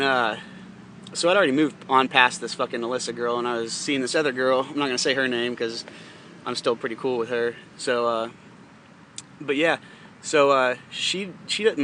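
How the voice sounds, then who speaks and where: Bright-voiced profane young man rambling. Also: mid-range voice, slight background noise. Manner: profane, rambling, laughs mid-sentence. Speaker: podcast host. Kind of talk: casual storytelling monologue.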